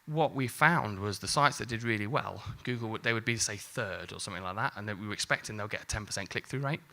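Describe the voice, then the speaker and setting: A man in his forties speaking at a conference, his voice low-pitched yet bright and forceful. He talks in a loose, joking way, slipping in mild swearing as he makes his points to the crowd. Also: fast talker, vocal fry. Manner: jokey, casual, swears lightly, acts out exchanges. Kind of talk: live marketing talk.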